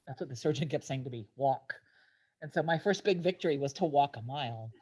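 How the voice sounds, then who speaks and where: A woman in her fifties, tearful and emotional, telling her story haltingly with many restarts as a walk team captain on a video call. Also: low-pitched, expressive, a little mellow, breathy edge. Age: 50s. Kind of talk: personal testimony on a video call.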